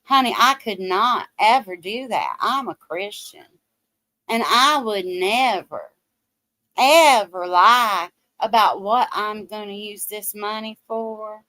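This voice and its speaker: A sugary churchgoing Southern lady, as a streamer mockingly puts her on, drawling each word out slowly and sweetly while swearing she'd never lie. The voice sits a little higher than the speaker's own and the room sounds dry and close. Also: bright, forceful tone, dry recording. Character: sugary fake-Southern churchgoing woman pleading innocence.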